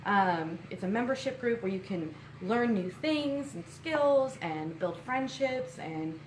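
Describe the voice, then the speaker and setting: A woman's voice: medium pitch, lively intonation, slow. A young woman chatting casually on a live stream as co-host, out of breath and rambling with lots of fillers. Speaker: co-host and shop co-owner. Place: inside a small shop. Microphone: phone on a tripod. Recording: echoey room with faint noise.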